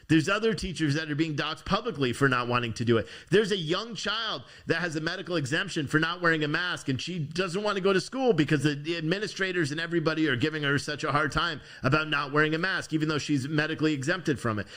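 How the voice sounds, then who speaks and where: A man's voice: a little high, a bit bright. A young man hosting a news show, ranting angrily with swearing and frequent restarts. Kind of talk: angry political commentary.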